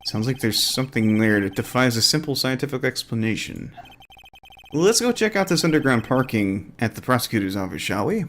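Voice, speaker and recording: A man's voice: medium pitch, expressive, a little fast, a bit bright, a little hiss or hum. A man reading an earnest young defense lawyer. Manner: reading game dialogue aloud.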